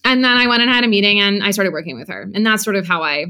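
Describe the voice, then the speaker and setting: A woman talking in an animated, laughing way while she tells her own stories in an interview. Her voice sits at a middle pitch, and she keeps slipping into little voices for the people she quotes. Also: racing. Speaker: guest. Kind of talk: casual storytelling interview.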